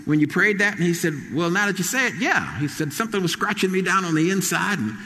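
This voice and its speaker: Storytelling pastor in a reverberant hall. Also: male voice, high voice, lively intonation, fast, pushed and bright. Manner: storytelling, acts out quoted voices. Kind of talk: sermon.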